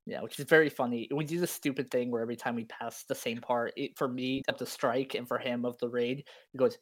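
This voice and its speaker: A young man co-hosting a podcast, telling animated stories and laughing a lot. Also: medium pitch, a little fast, few pauses. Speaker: podcast co-host. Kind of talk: casual chat.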